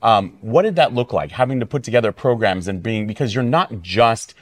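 A man's voice: fairly low pitch, animated, fairly quick. A man hosting an interview, asking long, rambling questions and praising his guest effusively. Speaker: podcast host, interviewer. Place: venue hall.

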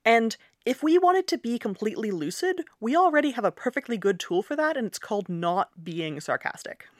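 A young woman, a linguist being interviewed, explaining things in an animated conversational way and laughing often. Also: a little high, fairly quick, no echo, studio quality. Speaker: linguist and author, interview guest.

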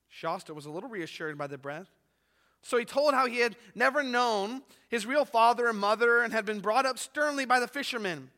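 High bright-voiced preaching man. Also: normal speed, in a large hall. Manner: dramatic, animated storytelling. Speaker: pastor. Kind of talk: sermon with expressive reading aloud.

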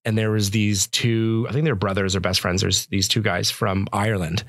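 A man's voice: on the low side, steady tone, moderate pace, a bit bright, no room sound, clean studio sound. A man from rural Ontario, a chef chatting casually as a podcast guest, rambling with lots of fillers. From rural Ontario, Canada.

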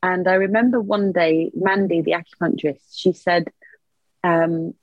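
A woman's voice: fairly low pitch, fairly even intonation, normal speed, no room sound, lo-fi sound. A woman, a mother, telling a personal story as a podcast guest, earnest and open with a light laugh at times. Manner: earnest, open and emotional, laughs a little through hard memories.

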